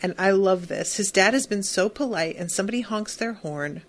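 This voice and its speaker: A woman's voice: mid-range voice, moderate pace. A woman hosting a podcast, recapping a TV episode in a casual, gushing, emphatic way with lots of fillers. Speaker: podcast host.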